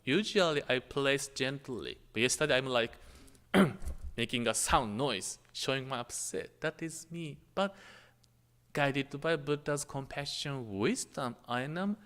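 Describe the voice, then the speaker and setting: A minister giving a dharma talk, speaking in halting, searching phrases. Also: male voice, medium pitch, animated, a bit bright. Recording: temple hall reverb.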